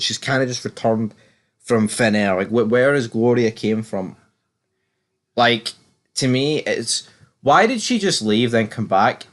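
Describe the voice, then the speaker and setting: A British man giving a casual, rambling and opinionated recap of a TV episode, swearing freely as he goes. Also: mid-range voice. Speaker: TV series reviewer.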